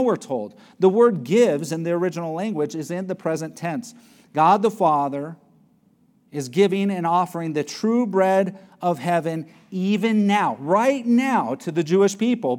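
A male preacher delivering a sermon in a fairly high voice. He reads verses aloud and then explains them, leaning hard on key words and letting his pitch and volume rise to drive each point home. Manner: emphatic, varies pitch and loudness for stress.

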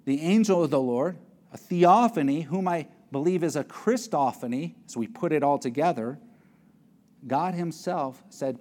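A man's voice: lively intonation, moderate pace. A man preaching a sermon, reading verses and explaining them with emphatic stress. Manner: emphatic, varies pitch and loudness for stress.

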